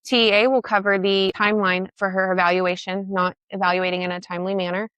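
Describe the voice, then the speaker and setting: A woman tells her story with blunt, emotional emphasis and the odd swear word. Her voice is bright and forceful. The sound is close and dry, with no room in it. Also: mid-range voice, flat delivery, fast, smooth, no room sound, highs cut off. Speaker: guest. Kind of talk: personal storytelling in conversation.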